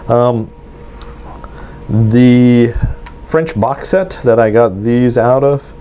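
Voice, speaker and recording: A man's voice: medium pitch, drawn-out words, dark tone, a little hiss or hum. A man hosting a miniatures hobby channel, talking through his models in a casual show-and-tell vlog, rambling with many ums and restarts.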